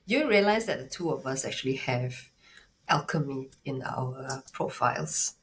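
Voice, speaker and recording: Calm, low-voiced woman co-hosting a podcast. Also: moderate pace, slight background noise. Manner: calm and grounded. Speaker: podcast co-host. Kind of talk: casual podcast chat.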